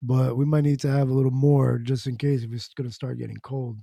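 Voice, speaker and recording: A man co-hosting a loose podcast chat, his voice gravelly and mellow with a slightly raised pitch. He talks in a relaxed, easygoing way, and the sound is dry and close. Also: a little fast, no room sound. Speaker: co-host.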